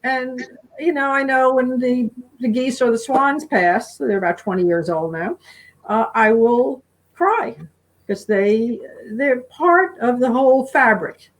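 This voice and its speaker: Talkative middle-aged woman, slightly high. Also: measured pace, low-quality recording. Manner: warm, rambling, voices her animals playfully. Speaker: guest speaker. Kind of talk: conversational interview answers.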